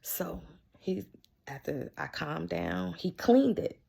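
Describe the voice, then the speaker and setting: A woman's voice: fairly low pitch, wildly swooping pitch, takes it slowly, gravelly, mellow, husky. A woman vlogger telling an emotional personal story, often repeating herself and restarting lines as she recounts what happened.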